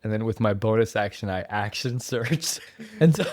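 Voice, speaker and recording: A man's voice: on the low side, moderate pace, a little mellow, no echo, clean studio sound. A man hosting a podcast, casually telling a game story with lots of laughs, swearing and acted-out quotes. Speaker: podcast host and dungeon master.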